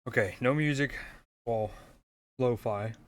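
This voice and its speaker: A man hosts a live stream, chatting in a relaxed way with his viewers as he reacts to clips. His pitch sits in the middle, and he talks in an easygoing, conversational way. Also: measured pace, dry recording.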